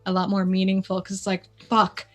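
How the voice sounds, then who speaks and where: A woman with a Canadian accent talks casually as a guest on a live stream, lively and quick to laugh. Her voice is bright and clear. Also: medium pitch, soft background music. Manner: lively, chatty, laughs often. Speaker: guest player.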